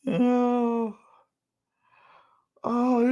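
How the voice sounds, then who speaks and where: Chill guy hosting a late night stream, laughs a lot, swears casually, mid pitch. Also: unhurried, fairly bright tone, lo-fi sound. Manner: laid-back, laughing, swearing freely. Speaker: livestream host. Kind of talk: casual livestream chat reacting to clips.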